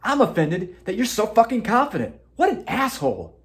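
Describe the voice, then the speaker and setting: A man's voice: sits high, wildly swooping pitch, moderate pace, voice pushed up. A man voicing an easily offended, indignant young man who complains in a whiny, huffy way.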